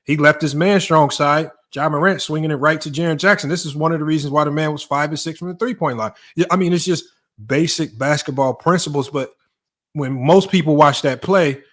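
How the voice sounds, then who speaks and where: A man's voice: fairly high pitch, a little fast, a bit bright. A man who coaches basketball, talking in a casual sports debate, emphatic and often repeating words as he builds a point. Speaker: basketball coach and podcast host.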